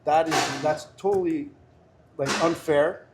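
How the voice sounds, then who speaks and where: A man's voice: on the high side, measured pace, background noise. A middle-aged man talking earnestly and emphatically as a candidate guest in a casual interview. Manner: emphatic, earnest and persuasive, many restarts.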